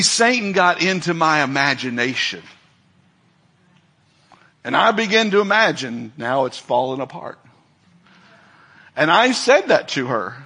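A man's voice: fairly high pitch, bright, forceful tone, breathy edge. A middle-aged male preacher giving a folksy sermon, telling stories and acting out the people in them. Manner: folksy storytelling, acts out quoted voices, laughs often.

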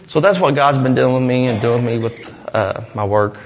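A man's voice: medium pitch, fairly quick, big-room sound, muffled recording, slight background noise. A man giving an earnest, rambling personal testimony in church, with many restarts. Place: church hall.

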